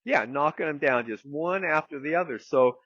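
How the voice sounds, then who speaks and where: A man's voice: a little high, moderate pace, fairly bright tone, no room sound, highs cut off. A man guest telling a long story in casual, rambling talk, full of fillers and the odd swear word. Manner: rambling anecdote with many fillers and some swearing. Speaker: guest therapist.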